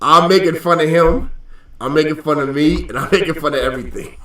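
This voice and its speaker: A teasing, animated man hosts a trading livestream, his voice high and bright. He sounds set back from the mic in an echoey room. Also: a little fast, recorded from a distance. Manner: animated, teasing, repeats "hold on" a lot. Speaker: host of a stock trading show. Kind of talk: casual joking livestream banter.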